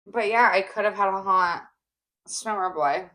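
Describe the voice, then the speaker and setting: A woman's voice: mid-range voice, measured pace, a bit bright. A young woman co-hosting a casual podcast, telling stories in a bubbly, giggly way, wired on an energy drink. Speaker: podcast co-host. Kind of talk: casual chat.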